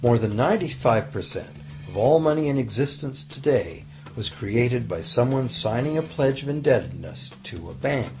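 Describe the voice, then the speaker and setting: A man giving a calm, explanatory scripted narration for a documentary. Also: mid-range voice, normal speed, hardly any pauses. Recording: voice-over with faint music behind.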